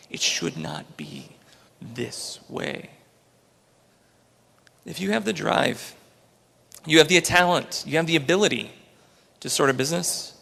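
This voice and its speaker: A man's voice: a little high, vocal fry, fairly bright tone, big-room sound. A man, an entrepreneur, giving an earnest, story-filled inspirational talk on a large auditorium stage.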